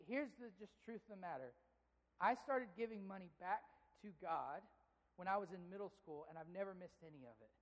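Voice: mid-range voice, moderate pace. Pastor preaching in a reverberant hall. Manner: animated, acts out inner voices. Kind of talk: sermon.

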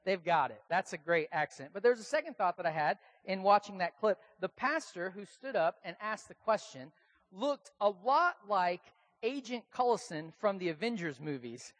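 A man's voice: high-pitched, animated, moderate pace, a bit bright. Casual, conversational American pastor man. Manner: casual, conversational, self-deprecating. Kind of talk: sermon.

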